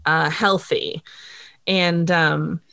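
A woman in casual chat recapping a TV episode, animated and laughing often, acting out the characters' lines. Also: low-pitched, drawn-out words, gravelly, dry recording. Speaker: podcast co-host recapping a TV episode.

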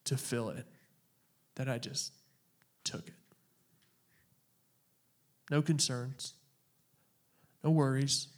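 A man from Oklahoma shares his faith testimony at a very unhurried pace. His voice sits at an ordinary middle pitch, and he speaks earnestly and haltingly, leaving long dramatic pauses between phrases.

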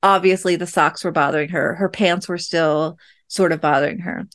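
A woman's voice: lowish voice, a little fast. A woman in her thirties hosting a podcast, telling a personal parenting story in a chatty, reflective way with many fillers. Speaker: podcast host and parent coach. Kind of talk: casual storytelling monologue.

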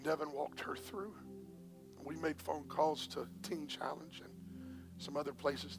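Impassioned pastor with a gravelly voice. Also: male voice, on the high side, flat delivery, unhurried, music in the background. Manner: passionate preaching, swinging from hushed whispers to shouts. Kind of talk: sermon. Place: church.

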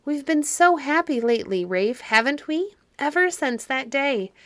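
A woman voicing an earnest, excitable young girl in a storybook. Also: high voice, unhurried, dry recording, voice pushed up, exaggerated voice. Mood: eager. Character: curious eager young girl.

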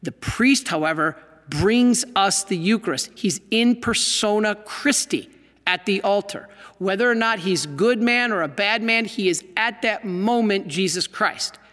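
A man preaching a sermon, reading aloud from a diary and exclaiming over it with animated emphasis. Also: high-pitched, measured pace, big-room sound. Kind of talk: Catholic sermon talk.

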